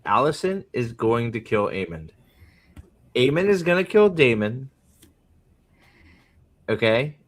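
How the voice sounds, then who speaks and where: A man co-hosting a casual show review, excitable and profane, who jumps into quick put-on voices to act out scenes. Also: medium pitch. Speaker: podcast co-host.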